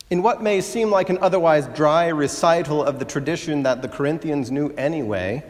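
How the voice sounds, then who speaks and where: Male preacher in an echoing church. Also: a little high. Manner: conversational, gently humorous, rhetorical questions. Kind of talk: sermon.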